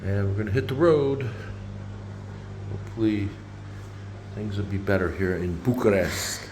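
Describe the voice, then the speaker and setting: A man's voice: lowish voice, measured pace, a little mellow, slight background noise. A man in his sixties talking casually in a travel vlog, rambling and full of fillers, filmed on a handheld phone. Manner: chatty, rambling storyteller with many fillers. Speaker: travel vlogger. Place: apartment indoors, later city streets outdoors.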